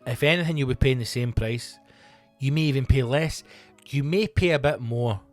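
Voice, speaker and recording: A man's voice: mid-range voice, normal speed, faint music behind. A Scottish man, a comedian hosting his own podcast, talking casually in a profane, rambling monologue full of fillers and asides.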